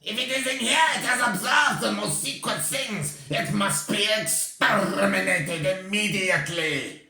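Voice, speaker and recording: Male reader as a shrill, gravelly witch queen, imperious and slow, echoey room. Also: sharp tone, soft background music, full character voice. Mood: furious. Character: commanding female witch leader.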